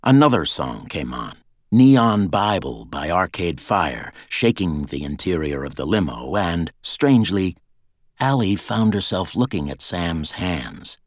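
A man reading a novel aloud as narrator, in an even, measured way. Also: sits low, no room sound, studio quality. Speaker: audiobook narrator. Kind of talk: scripted narration.

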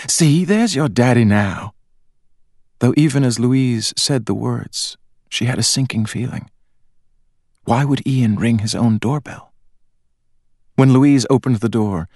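Male audiobook narrator, low voice, dry close recording, even delivery. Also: creaky, no room sound. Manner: measured, even storytelling. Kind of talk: scripted narration.

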